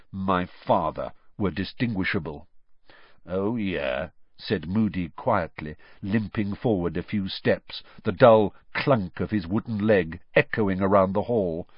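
A man narrating a storybook in an expressive, lively way. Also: on the low side, no echo. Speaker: audiobook narrator. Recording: dull, dry close-mic recording.

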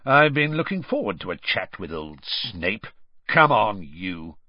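A gruff old battle-scarred wizard, put on by a male audiobook narrator, growling low and gravelly with blunt menace. The husky voice swings widely in pitch, and the recording sounds dull and dry. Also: sing-song, unhurried, no room sound. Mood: menacing growl.

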